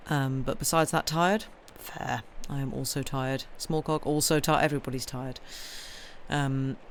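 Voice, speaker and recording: Croaky-voiced chatty woman host. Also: deep voice, a little hiss or hum. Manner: chatty and rambling, reads viewer comments aloud. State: slightly croaky voice. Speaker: host of a story-reading stream. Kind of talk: casual chat with viewers.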